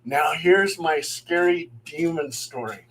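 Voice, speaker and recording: Animated storytelling man, higher voice. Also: slow, background noise. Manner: animated, acts out voices in his stories. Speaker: paranormal investigator telling stories. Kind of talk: casual storytelling on a talk show.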